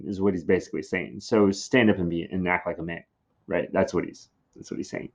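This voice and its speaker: A man's voice: low voice, moderate pace, a little mellow, highs cut off. A man teaching in a casual classroom style, chatty and full of fillers as he explains a play.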